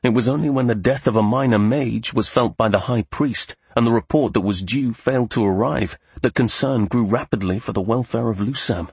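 A man narrating a fantasy story at a steady, measured pace. His voice is very husky with a gravelly rasp, recorded close and dry. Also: medium pitch, dry recording. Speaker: audiobook narrator.

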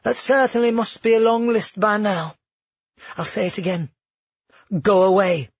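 A man's voice: high-pitched, breathy edge, no room sound, muffled recording, pitched above the performer's own voice, heavily acted. Lucia, a cool sorceress, voiced by a man. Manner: cool and unhurried. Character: calm, collected young woman sorceress.

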